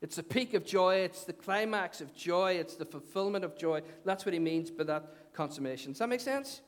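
A pastor preaches conversationally in a church hall, repeating phrases and posing questions to the congregation. His voice sits high and moves at a moderate pace, with long church-hall reverb on the recording.

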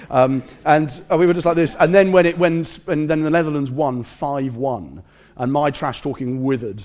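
A man's voice: on the high side, normal speed. A man preaching a sermon, reading scripture aloud and breaking off for joking asides and stories. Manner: animated, joking asides and storytelling.

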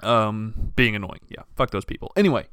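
A man's voice: lowish voice, animated, a little fast, fairly bright tone, clean tone, dry recording, clean studio sound. A young man hosting a podcast, ranting in a casual, profane and rambling way, full of exasperated restarts. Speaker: podcast host. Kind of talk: casual solo rant.

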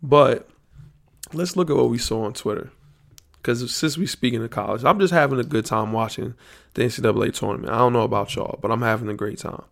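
Gravelly man riffing on sports. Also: medium pitch, brisk. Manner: loose, profane, slangy sports talk, thinking aloud. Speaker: podcast host. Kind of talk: casual solo podcast talk.

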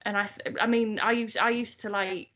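A woman chatting casually, with lots of fillers and an easy, relaxed manner. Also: medium pitch, normal speed, highs cut off. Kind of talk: casual chat.

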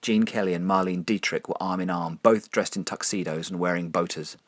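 A man narrating a story in a sardonic, deadpan reading. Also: deep voice, a little fast, dry recording.

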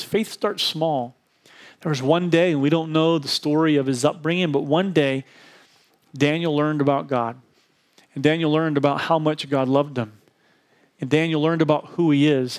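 Animated man preaching a sermon. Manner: animated storytelling, acts out quotes in a higher voice. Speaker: pastor.

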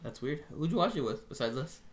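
A man hosting a casual podcast chat, running through nominees in a relaxed way, laughing often and swearing freely. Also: on the high side, fairly quick. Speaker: podcast host.

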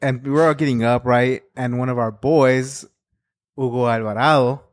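A young man co-hosting a casual podcast chat, telling a story in fast bursts and laughing through it. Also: medium pitch, steady tone. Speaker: podcast co-host.

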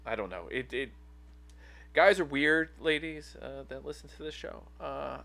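His high-ish voice is pushed and bright with some vocal fry, at normal speed. The thirty-something co-host keeps his podcast talk casual and rambling, packed with fillers and restarts.

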